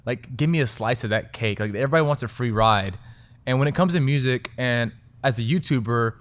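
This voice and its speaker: Smooth-voiced Texan man chatting casually. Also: mid-range voice, a little fast. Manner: chatty, frequent "like" fillers, wry. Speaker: restaurant owner and chef, interview guest. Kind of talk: casual interview chat.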